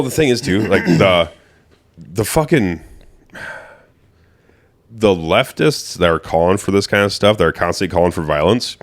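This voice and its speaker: A man with a very low, deep voice co-hosts a podcast. He talks emphatically and swears freely in a casual chat. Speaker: podcast co-host.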